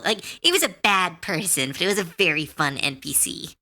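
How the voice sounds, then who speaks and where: A woman streamer chats casually while drawing on a live art stream. Her voice sits a little low but swings widely in pitch, with a bright, sharp edge. She rambles in an animated way, full of fillers and restarts. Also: moderate pace. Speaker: artist streamer.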